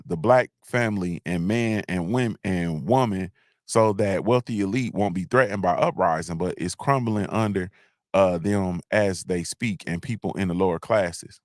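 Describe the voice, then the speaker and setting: With a low voice at normal speed, a man hosts a livestream in a dry, clean studio recording. His talk is a rambling, slangy monologue that repeats itself and keeps restarting.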